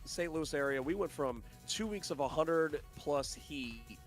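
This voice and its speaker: A young man co-hosting a podcast, telling stories in an excitable, animated way, his sinuses stuffed up. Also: on the high side, unhurried, soft background music. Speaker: podcast co-host. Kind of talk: casual chat.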